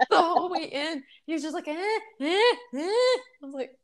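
A woman's voice: a little high, expressive, fairly quick. A woman co-hosting a casual chat podcast, telling frank stories about her son with mild swearing. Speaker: podcast co-host.

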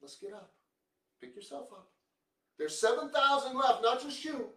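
A man voicing God as a stern but encouraging commander, loud and emphatic. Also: extremely high pitch, moderate pace, recorded from a distance, voice pushed up. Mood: exhorting. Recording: roomy, from off the mic.

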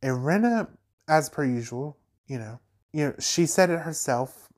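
A man's voice: on the high side, measured pace. Sassy man ranting on a recap podcast. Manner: animated, emphatic, sassy asides. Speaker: podcast host. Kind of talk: reality TV recap rant.

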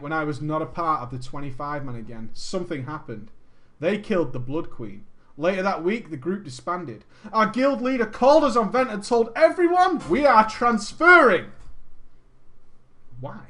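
Animated, sarcastic story reader with lively pitch. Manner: animated and sarcastic, laughs often and swears. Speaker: commentator reading a gaming story aloud. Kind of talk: reading a story aloud with mocking commentary.

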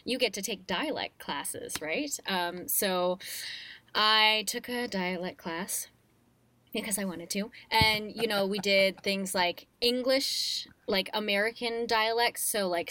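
A young woman chatting casually as a guest, animated and playful, laughing often as she talks. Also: mid-range voice, takes it slowly. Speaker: guest, voice actor. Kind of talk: casual conversation.

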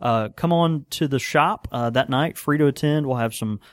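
A man's voice: mid-range voice, normal speed, no room sound. Laid-back man, dry-sounding. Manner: laughs often, animated impressions. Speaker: podcast co-host and pipe shop keeper. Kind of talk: casual chat.

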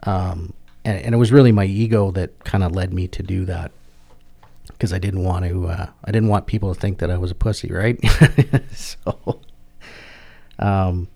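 Gravelly low-voiced man. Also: steady tone, mellow. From Canada. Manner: halting, repeats and restarts words, plain-spoken. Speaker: guest, military veteran. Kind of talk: personal storytelling in a podcast interview.

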